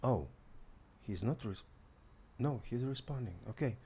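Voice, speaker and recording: A man's voice: medium pitch, lively intonation, measured pace, mellow, a little hiss or hum. A man hosting a casual live demo, hesitant, with many fillers and restarts while talking to viewers. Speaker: tech demo host.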